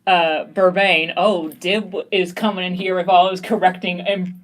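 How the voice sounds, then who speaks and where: A woman's voice: fairly low pitch, level tone, measured pace. A young woman writer chatting casually and rambling with lots of fillers and giggles. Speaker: fan fiction author, host. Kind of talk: casual review chat.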